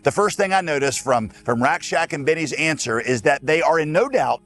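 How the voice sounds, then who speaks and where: A man's voice: fairly high pitch, animated, normal speed, a bit bright. A man preaching a sermon as a pastor, folksy and emphatic, speaking straight to his listeners.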